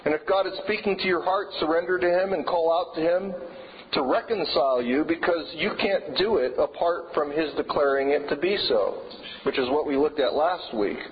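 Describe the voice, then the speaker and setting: A man's voice: on the high side, normal speed. A man preaching a sermon, earnest and emphatic, repeating his key phrases. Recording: dull lo-fi sound with long reverb in a hall.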